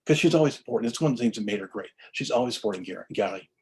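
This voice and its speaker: A man's voice: fairly low pitch, lively intonation, racing, slightly rough, rough recording. A man giving an enthusiastic lecture-style story about book history, full of restarts and stammers.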